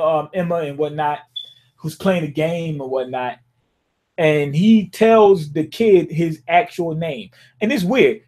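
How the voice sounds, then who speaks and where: A man's voice: high voice, a little mellow. A young man giving a casual, rambling review of a manga chapter, talking loosely and often checking in with his listeners. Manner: rambling, loose and conversational, often asks "you know what I'm saying?".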